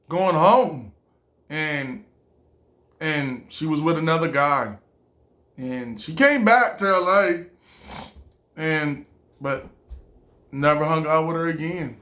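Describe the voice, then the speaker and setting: Slow, bright-voiced man telling a rambling story. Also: fairly high pitch, animated. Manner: rambling and repetitive, with chuckles. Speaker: vlogger. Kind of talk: casual storytelling to camera.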